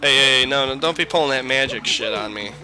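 A man's voice: mid-range voice, brisk, over music. A young man giving casual, rambling gameplay commentary, joking and swearing. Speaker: let's play host.

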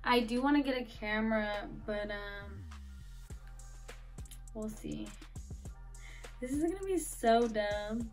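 A woman's voice: fairly high pitch, takes it slowly, pauses often, faint music behind. A young woman hosting a casual solo podcast, recorded on her phone, giggling and swearing as she reads memes aloud. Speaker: podcast host.

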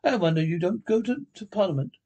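A man's voice: high voice, lively intonation, fairly quick, mellow. A man reading a stern, scornful old miser. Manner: curt, cold, indignant.

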